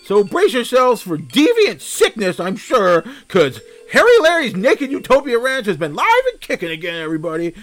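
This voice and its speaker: A male podcast host with a high, bright voice rants through a comedic solo monologue. His exasperated, swearing delivery swings widely in pitch. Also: huge pitch swings, normal speed, hardly any pauses.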